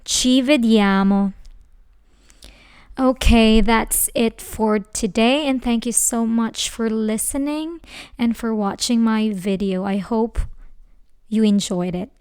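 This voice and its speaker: A woman teaching a language lesson who speaks slowly and carefully, breaking words into syllables. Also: a little high, darkish tone, clean tone. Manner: slow, careful, spells out syllables. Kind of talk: slow scripted lesson.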